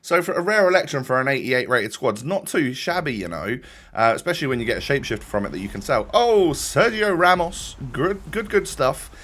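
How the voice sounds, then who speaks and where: Gaming host, young man, mid-pitched, casual, rambling, self-correcting commentary. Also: sing-song, brisk, fairly bright tone. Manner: rambling, chatty, self-interrupting. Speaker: gaming YouTuber.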